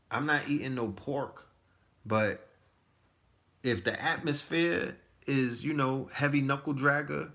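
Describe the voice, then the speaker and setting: Bright-toned man in his forties, gravelly. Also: a little high. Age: 40s. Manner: loose, profane storytelling with many restarts. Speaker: podcast guest. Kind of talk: casual chat. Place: Texas.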